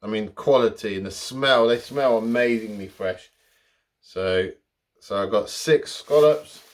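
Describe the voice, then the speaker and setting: A man's voice: fairly low pitch, a little slow, recorded from a distance. A man hosting his own cooking channel, talking to camera in a chatty, rambling way with jokey asides. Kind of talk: casual cooking vlog.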